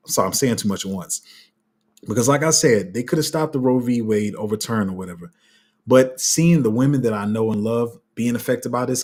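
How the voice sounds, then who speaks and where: A man's voice: medium pitch, a little mellow, husky. A man hosting a crypto channel, giving a heated, passionate livestream rant full of restarts. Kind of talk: casual livestream commentary.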